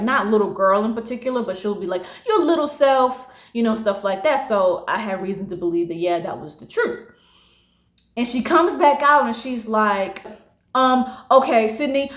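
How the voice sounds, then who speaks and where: A woman in her late twenties, casually telling a personal story, animated and acting out what others said. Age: late 20s. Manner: animated, acting out quotes with big pitch jumps. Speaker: storytime vlogger. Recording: echoey room.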